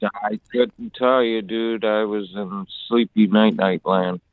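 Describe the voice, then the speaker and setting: A man's voice: fairly low pitch, fairly even intonation, a little slow, clean tone, no echo, phone-quality sound. A man chatting on a podcast in a laid-back, dry way. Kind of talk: casual chat.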